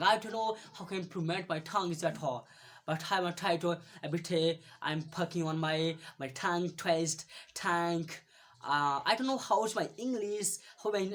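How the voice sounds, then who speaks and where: A woman teaching English pronunciation in a casual video lesson, halting, repeating each word many times, with frequent fillers. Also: medium pitch, fairly bright tone.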